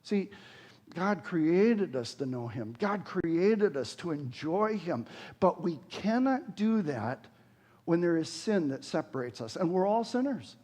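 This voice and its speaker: Pastor, man in his 60s, high-pitched, earnest sermon delivery with big swings in intensity. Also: very animated, a little slow, a little mellow. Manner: earnest preaching, voice rising and falling sharply when quoting scripture.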